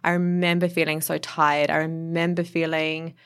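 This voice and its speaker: A woman nutritionist and author, talking as a guest in a casual chat, quick and chatty and laughing often. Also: low voice, little pitch movement, clean tone.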